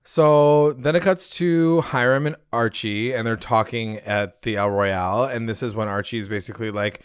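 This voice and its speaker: A man recapping a TV episode in casual chat, animated, swearing often and acting out the characters' lines. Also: medium pitch, moderate pace, smooth, dry recording, studio quality. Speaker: podcast host recapping a TV episode.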